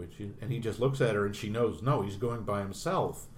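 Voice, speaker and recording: A man's voice: fairly low pitch, animated, brisk. A man in a casual film discussion, talking animatedly and acting out the quoted lines. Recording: roomy with faint noise.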